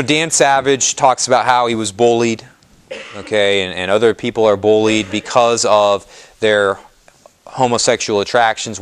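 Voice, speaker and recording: A man's voice: mid-range voice, clean tone. A man, a Catholic priest, giving a casual, conversational talk to a parish audience. He repeats phrases for emphasis, checks in often with the listeners and asks them questions. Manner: repeats phrases for emphasis, soothing "just calm down"; asks the audience questions and answers their replies. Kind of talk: parish presentation to a live audience.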